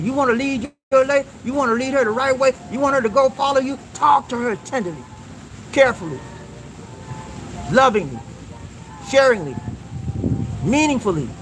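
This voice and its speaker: A man's voice: very high-pitched, a bit bright, slight background noise, rough recording. A man hosting a relationship advice talk, preaching emphatically to his viewers with call-and-response questions and repeated lines.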